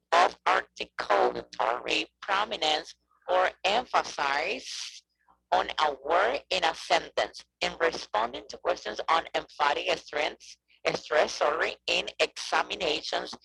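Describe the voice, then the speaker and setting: A man teaching an online English class over a video call, often checking in with "okay?" and pausing on hesitant fillers. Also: fairly high pitch, gravelly, pushed and bright, low-quality recording.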